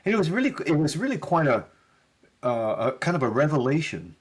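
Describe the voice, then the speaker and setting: A middle-aged man with a husky, slightly breathy voice speaks as a podcast guest, recounting stories in a loose, conversational way. He slips into the voices of the people he quotes and leans on casual tags and fillers as he talks. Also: a little high, a little fast. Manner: animated storyteller who acts out quoted dialogue. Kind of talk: conversational storytelling.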